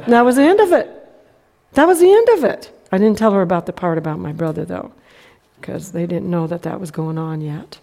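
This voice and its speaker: A middle-aged woman preacher recounts a personal story folksily, dramatizing the quotes of the people in it. Her low, creaky, dark voice moves a little fast with lively intonation.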